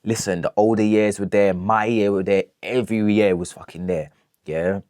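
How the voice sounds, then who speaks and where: A man's voice: fairly low pitch, fairly even intonation, normal speed, darkish tone, dry recording, studio quality. A young man telling a storytime rant, emphatic, checking in with "yeah?" after nearly every phrase. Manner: emphatic, keeps asking "yeah?". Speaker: vlogger.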